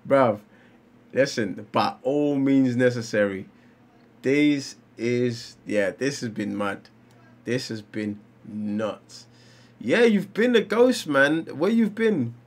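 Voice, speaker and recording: Animated streamer, lively voice. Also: male voice, mid-range voice, takes it slowly. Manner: animated, exclaiming and laughing while reacting. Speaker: livestreamer reading comics. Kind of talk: casual live-stream commentary.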